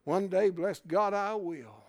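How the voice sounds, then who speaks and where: An older man preaching a sermon in a folksy way, swinging from hushed asides to loud shouts. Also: high voice, takes it slowly, no echo.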